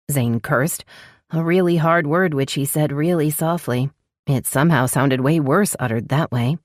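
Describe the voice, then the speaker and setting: A woman narrating a romance audiobook in an expressive, scripted style, close to the mic. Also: unhurried, dry recording. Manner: expressive, voices dialogue with sharp pitch jumps.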